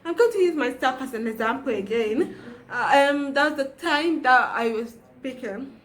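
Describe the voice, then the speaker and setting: A young woman with a childlike voice, giving an earnest motivational talk in an unhurried way. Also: high voice, animated, a bit bright, slight background noise. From Nigeria. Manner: earnest, repeats herself, fillers. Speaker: motivational speaker.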